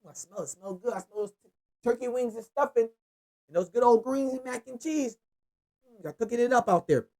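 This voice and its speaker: A man's voice: extremely high pitch, brisk. A man hosting his own sports picks show, rambling loosely and cursing as he runs through the games. He speaks with in an easy, unscripted way. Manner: loose, profane, rambling, lively. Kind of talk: casual sports picks monologue.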